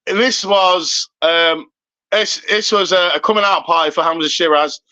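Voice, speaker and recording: Chatty British podcast host, high bright voice, muffled lo-fi sound. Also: male voice, fairly even intonation, a little slow. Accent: British English. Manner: chatty, laughs often. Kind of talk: casual chat. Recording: dull lo-fi audio.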